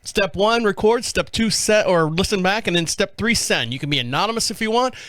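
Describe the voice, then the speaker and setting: A man's voice: high voice, lively intonation, a little fast, a bit bright, dry recording. A man hosting a podcast, telling a neighbor story in a casual, rambling way. He jokes, laughs and swears as he talks. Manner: rambling and joking, with laughs and profanity. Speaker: podcast host.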